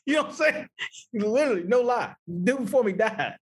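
A man co-hosting a podcast, telling a personal story in casual chat, animated and laughing often. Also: very high voice, brisk, breathy edge. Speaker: podcast co-host.

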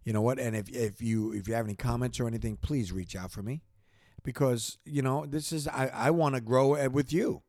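A man's voice: mid-range voice, a little fast, darkish tone, no room sound, studio quality. Passionate man hosting a motivational podcast. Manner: passionate, repetitive, gets worked up then apologizes. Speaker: podcast host.

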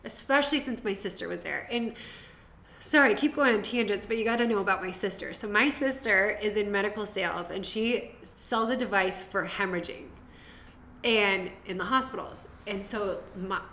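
A woman's voice: medium pitch, moderate pace, bright, forceful tone. Chatty young woman, roomy echo. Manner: chatty, tangent-prone, laughing. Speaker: podcast guest. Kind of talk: telling her birth story.

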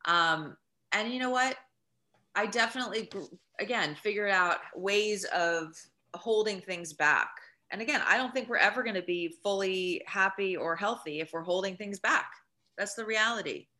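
Earnest woman with a bright, forceful voice. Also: medium pitch, moderate pace. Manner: earnest, emphatic, explaining with examples. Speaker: guest author. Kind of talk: podcast interview.

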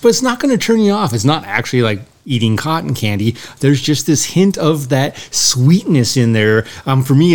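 A man's voice: on the high side, a little mellow. A man co-hosting a casual podcast, describing a scotch's taste in lingering, descriptive detail. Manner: lingering, descriptive tasting talk. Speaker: podcast co-host. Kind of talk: casual chat.

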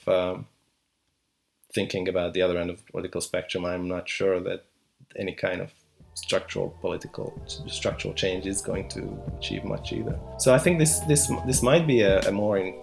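A man's voice: deep voice, normal speed, creaky, music in the background. A middle-aged man, a philosopher, talking as a podcast guest with many restarts and hesitations. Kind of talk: podcast interview.

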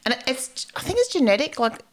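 A woman's voice: high voice, a little fast. A middle-aged woman, co-hosting a casual podcast chat and telling stories with animation and the odd swear word. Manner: animated storyteller, swears freely. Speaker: podcast co-host.

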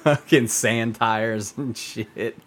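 A man's voice: medium pitch, steady tone, slow pace, fairly bright tone. A man hosting a casual podcast chat, laid-back and joking, with frequent swearing. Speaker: podcast host.

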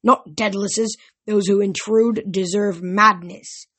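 A sneering, arrogant ghost king with a husky, breathy edge, as a woman reads him aloud in a storybook. He talks down to everyone, smug and mocking. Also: medium pitch, steady tone, takes it slowly, fairly bright tone.

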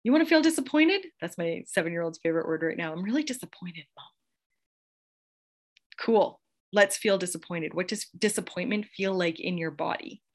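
A woman's voice: fairly low pitch, lively intonation, fairly quick. A woman in her thirties hosting a podcast, talking in a casual, gushing motivational monologue and laughing often. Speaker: podcast host.

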